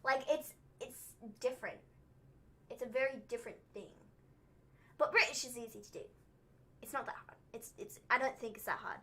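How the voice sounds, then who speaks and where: A woman's voice: fairly high pitch, normal speed, pauses often, bright, forceful tone. An American woman co-hosting a wrestling livestream, chatting casually in a rambling, hesitant, self-deprecating way.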